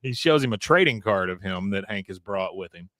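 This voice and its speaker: A man's voice: on the low side, expressive, brisk, fairly bright tone, no echo, studio quality. A man co-hosting a podcast, chatting through an episode recap with a laugh. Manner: chatty, laughing, acts out quotes. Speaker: podcast co-host. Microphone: podcast mic.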